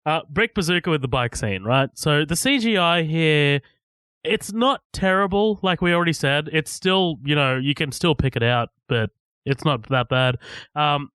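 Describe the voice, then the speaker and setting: A man's voice: on the high side, moderate pace, a bit bright, smooth, dry recording. A man co-hosting a podcast, chatting casually about a movie he loved as a kid, swearing often and laughing a lot. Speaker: podcast co-host. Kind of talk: casual movie commentary chat.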